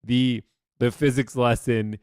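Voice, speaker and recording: A man's voice: mid-range voice, fairly even intonation, takes it slowly, a little mellow, smooth, no room sound, studio quality. A man co-hosting a casual podcast, wisecracking and dropping into mock character voices. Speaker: podcast host.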